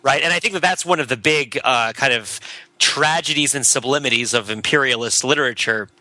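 Man podcast co-host, rambling talker, very bright tone, dry close headset sound. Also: mid-range voice, fairly quick, no room sound, rough recording. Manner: rambling, self-interrupting, laughs often. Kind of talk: casual discussion of literature.

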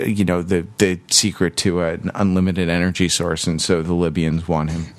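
A man with a low, deep voice muses through a casual conversation. He stops and restarts often as he works out his ideas. The sound is close and dry, with no room around it. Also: no room sound. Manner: halting, thinks aloud with many restarts. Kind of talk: casual chat.

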